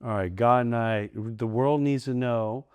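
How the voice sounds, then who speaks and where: A middle-aged man, a comedian guest, telling candid stories in an interview, animated and acting out the voices of people he quotes. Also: mid-range voice, a little slow, smooth, dry recording. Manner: animated, acts out quoted voices, restarts often.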